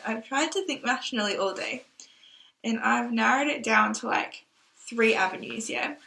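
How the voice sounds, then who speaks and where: Her fairly high, bright voice carries a forceful tone as this young exchange student talks casually to her camera. She's anxious and rambling, thinking out loud and tearing up at times. The audio quality is rough.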